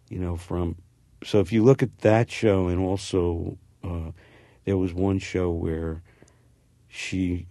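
This actor, a man with a slight New Jersey accent, talks through a casual interview in a reminiscing, rambling style that keeps restarting sentences. His voice is deep and warm with vocal fry, and there's no room sound.

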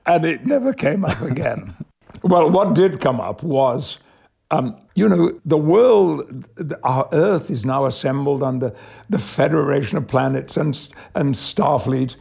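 An older man from Yorkshire, an actor telling anecdotes in an interview in a measured way with frequent chuckles. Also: on the high side, expressive, darkish tone. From Yorkshire, England. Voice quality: gravelly, husky. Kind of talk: conversational anecdote.

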